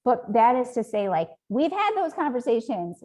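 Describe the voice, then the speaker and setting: A woman's voice: on the high side, big pitch swings, normal speed, hardly any pauses, a little mellow. Earnest woman rambling through her answers. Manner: earnest, rambling, frequent ums and likes. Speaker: nonprofit founder, interview guest. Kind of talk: conversational interview.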